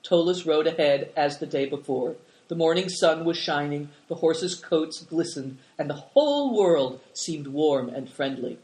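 A man reads a storybook aloud in a steady, measured way. His voice sits fairly high for a man and stays even. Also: roomy sound, low-quality recording. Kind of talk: storybook narration.

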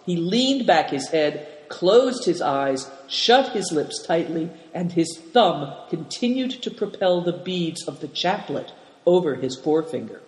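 A man narrates a story in a measured, steady manner. His voice sits fairly high, and the recording is roomy with a long reverb trailing each phrase. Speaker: audiobook reader. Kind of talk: scripted narration.

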